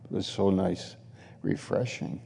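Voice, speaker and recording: Slow, gravelly man preaching in a hall. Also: sits low, fairly even intonation, dark tone. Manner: chatty anecdotal preaching with laughs and acted quotes. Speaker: pastor. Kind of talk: sermon storytelling.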